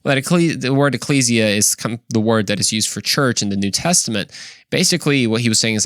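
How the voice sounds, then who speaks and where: A man's voice: mid-range voice, fast talker, fairly bright tone, no echo, studio quality. A man hosting a faith podcast, talking earnestly and conversationally to the listener, often saying "man" and "bro". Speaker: podcast host. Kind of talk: casual faith podcast monologue.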